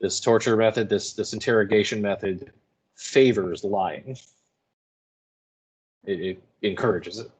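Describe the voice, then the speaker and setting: A man's voice: on the low side, a little mellow, breathy edge. A male student giving informal, explanatory commentary on a play he reads aloud for class. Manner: informal, explanatory, quick asides. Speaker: student reader. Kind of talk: casual literary commentary.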